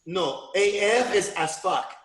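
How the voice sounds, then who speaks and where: A man's voice: high-pitched, expressive, slow, fairly bright tone, roomy sound, low-quality recording. A man co-hosting a casual comedy podcast, joking around and switching between English and Spanish phrases. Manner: playful, code-switching into Spanish and slang impressions.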